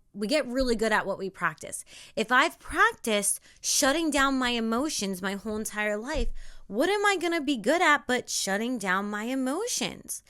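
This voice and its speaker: A woman's voice: mid-range voice, bright, forceful tone. A young adult woman hosting a spiritual self-help podcast, talking casually and with energy, swearing now and then and leading listeners in chanted call-outs. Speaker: podcast host.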